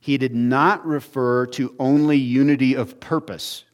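A man's voice: mid-range voice, fairly even intonation, a little slow. Earnest male preacher. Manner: earnest preaching, voice rising when acting out quotes. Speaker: pastor. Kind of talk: expository sermon.

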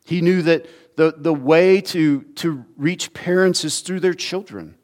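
A man's voice: on the high side, unhurried, darkish tone. A man preaching a sermon, teaching earnestly from scripture and rising in emphasis on key points. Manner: earnest teaching with emphatic rises, occasional restarts. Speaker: pastor.

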